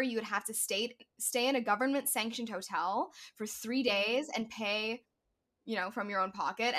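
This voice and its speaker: A woman actress, a guest on a casual podcast, telling stories and quoting people as she goes. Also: a little high. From United States. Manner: animated storyteller, quotes people.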